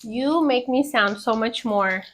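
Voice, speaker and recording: A woman's voice: a little high, unhurried, a bit bright, slight background noise. Chatty young woman, slight British accent. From England from age fourteen. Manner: chatty, exclamatory, laughs often. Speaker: cooking streamer. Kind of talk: casual chat while cooking.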